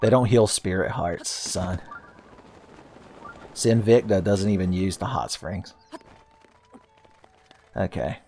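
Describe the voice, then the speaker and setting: Low-voiced, wisecracking man in his thirties. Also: takes it slowly, pauses often, warm tone. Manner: jokey, sarcastic, profane asides. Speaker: let's play host. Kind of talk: casual gameplay commentary. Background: faint game music.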